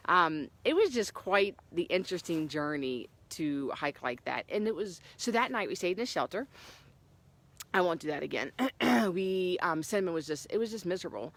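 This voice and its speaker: A middle-aged woman hiker chatting to her camera outdoors on a trail, telling a story with lots of fillers and animated swings. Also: fairly low pitch, normal speed. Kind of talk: casual vlog chat. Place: outdoors on a hiking trail in the morning.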